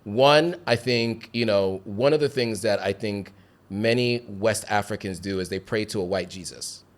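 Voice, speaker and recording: A man from the United States, a guest on an interview, speaking in a measured, reflective way. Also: fairly low pitch. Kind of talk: casual interview chat.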